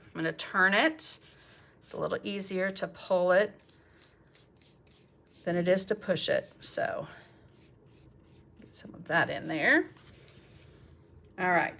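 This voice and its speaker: A woman's voice: medium pitch, a bit bright. A middle-aged woman, teaching a live painting demonstration in a chatty, encouraging way and thinking aloud as she paints. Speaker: art teacher.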